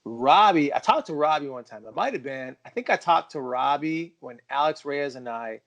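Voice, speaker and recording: A middle-aged man co-hosting a martial arts talk show, slightly high-voiced and full of bravado. He spins stories with energy and cocky asides. It sounds like a relaxed conversation between friends. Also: moderate pace, dull audio. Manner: animated, boastful storyteller. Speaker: podcast co-host. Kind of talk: casual chat.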